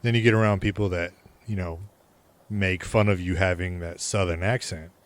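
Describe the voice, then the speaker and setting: Very deep-voiced man explaining. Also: steady tone, normal speed. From American Midwest. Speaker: podcast co-host. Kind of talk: casual chat.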